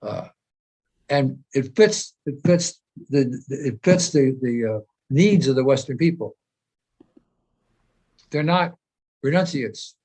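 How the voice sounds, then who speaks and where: A man's voice: mid-range voice, animated, slow, long pauses, mellow, breathy edge. A man speaking as a spiritual teacher in an informal discussion, earnest and explanatory, often repeating phrases as he searches for words.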